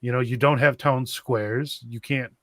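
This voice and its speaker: A man in casual podcast chat, speaking calmly and reflectively. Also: mid-range voice, unhurried, no room sound.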